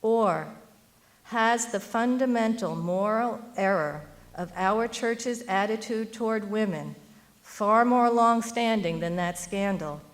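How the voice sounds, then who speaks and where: A woman's voice: mid-range voice, slow. A middle-aged woman giving a prepared speech at a university event, earnest and rhetorical, building to emphatic appeals. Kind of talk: prepared speech read aloud.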